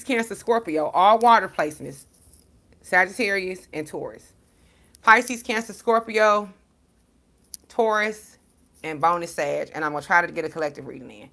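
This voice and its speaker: A woman vlogger talking straight to her viewers about healing, blunt and profane, swinging between loud bursts and quiet murmurs. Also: fairly low pitch, lively intonation, normal speed, pauses often. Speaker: spiritual vlogger and card reader. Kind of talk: casual, heartfelt monologue to viewers.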